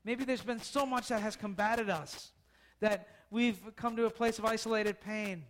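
Brief: a high-voiced male preacher, chatty storytelling sermon, asks the room questions. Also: moderate pace, a bit bright, slight background noise. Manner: conversational, asks the listeners questions.

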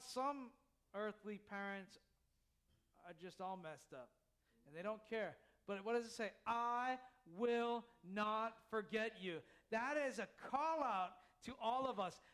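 A man's voice: high-pitched, measured pace, fairly bright tone, clear, resonant tone. A man preaching a sermon in church, earnest and full of repetition. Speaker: pastor.

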